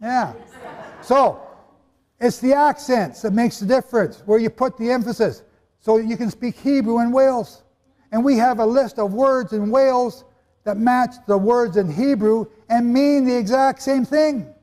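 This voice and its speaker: High-voiced man preaching in an echoey hall. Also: moderate pace, warm tone. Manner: emphatic, rhetorical questions, joking asides. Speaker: Bible teacher. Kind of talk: sermon-style lecture to a live audience. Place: hall with an audience. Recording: echoey hall with long reverb.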